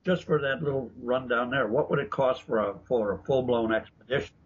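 A man with a mid-range voice talks briskly while being interviewed as a guest author and researcher. His casual storytelling is anecdotal and chatty, with many false starts. The sound is dull and lo-fi, like a broadcast, with slight noise.

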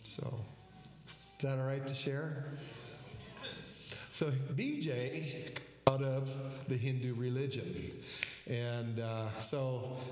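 Guy pastor telling a story at church, slow and halting, lots of um and uh, roomy sound. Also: medium pitch, little pitch movement, darkish tone. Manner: slow, halting, with many fillers and restarts. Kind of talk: sermon storytelling. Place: church sanctuary. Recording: echoey church hall.

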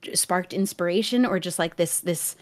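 A young woman joining a stream chat as a guest, speaking earnestly and firmly in a soft voice. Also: on the low side, normal speed. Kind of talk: casual chat.

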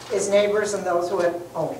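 A woman in a class reading scripture aloud, quietly and with small halts. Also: mid-range voice, flat delivery, fairly quick, a little hiss or hum. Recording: distant, roomy room sound.

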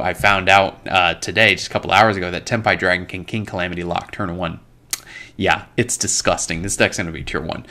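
Slightly low-voiced man, hoarse commentary. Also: bright, forceful tone. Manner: rambling, opinionated, reads viewer comments aloud. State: losing his voice, clears throat. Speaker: YouTube host. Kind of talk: casual commentary. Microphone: desk microphone.

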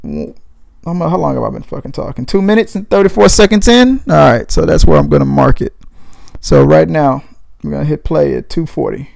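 A man's voice: a little high, big pitch swings, moderate pace, vocal fry, darkish tone, dry recording, poor audio. A young man hosting a casual movie commentary podcast from home, rambling and profane in a laid-back way. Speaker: podcast host.

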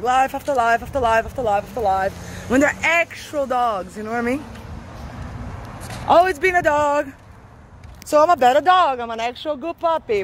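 A woman's voice: sits high, fairly bright tone, a little hiss or hum. A woman vlogging in a casual, rambling monologue, profane and offhand, laughing often as she talks outdoors on a street.

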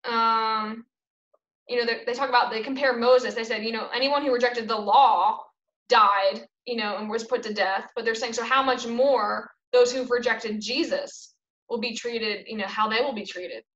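A woman's voice: on the high side, moderate pace. Chatty young woman leading Bible study, echoey. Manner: chatty and animated, lots of "like" fillers. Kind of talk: casual Bible study teaching. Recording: echoey room, dull lo-fi sound.

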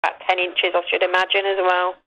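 A woman on a phone sex line who talks fast in a bright, sharp voice. She is sarcastic and dismissive with the caller and swears bluntly. Her pitch sits in the middle of the range. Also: monotone, highs cut off. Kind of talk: heated phone call.

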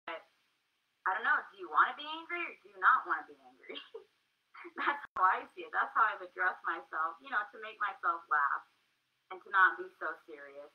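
A woman's voice: mid-range voice, lively intonation, moderate pace. A woman speaking bluntly and to the point in a casual group discussion. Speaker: group participant. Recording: distant muffled audio.

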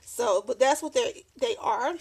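High-voiced chatty woman vlogger. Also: vocal fry, a little mellow, breathy edge. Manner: chatty, rambling, quick to laugh. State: slightly out of breath. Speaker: craft vlogger. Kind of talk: casual show-and-tell chat. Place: home craft desk.

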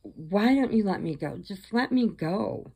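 A woman voicing a slow, simple-minded and creepy younger hillbilly brother in a retold horror film, drawling her words. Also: medium pitch, expressive, creaky, darkish tone, husky, voice pushed up, exaggerated voice. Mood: creepy, earnest.

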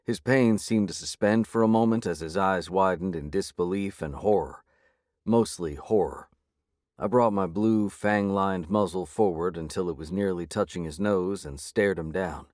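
A man reading a first-person audiobook in a measured, gritty way. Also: low voice, a little mellow, no room sound, studio quality. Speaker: audiobook narrator.

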